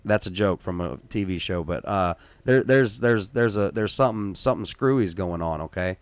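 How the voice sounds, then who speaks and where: A man hosting a casual live-stream podcast, who talks in an emphatic, rambling way with many restarts and works himself up into loud, excited rants. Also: deep voice, normal speed, smooth, no room sound. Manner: rises into loud, excited ranting. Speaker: podcast host.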